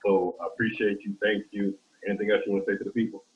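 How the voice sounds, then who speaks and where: A man hosting a podcast, his voice on the low side and sounding thin and narrow, as if through a phone line. He is appreciative and keeps thanking his guest. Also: flat delivery, racing, a little hiss or hum. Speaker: podcast host. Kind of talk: casual interview chat.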